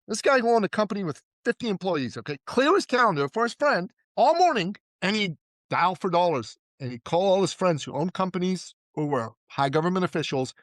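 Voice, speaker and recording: With a high-pitched voice and no room sound, this Iranian entrepreneur chats casually as a podcast guest. He tells stories by performing the voices of the people he quotes, frequently saying "like" and "right?"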